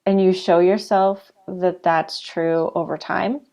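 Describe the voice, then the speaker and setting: Woman co-host, low voice, thoughtful and affirming in easy conversation. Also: steady tone, slow pace, a little mellow. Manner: reflective, encouraging, lots of affirming murmurs. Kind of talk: casual chat.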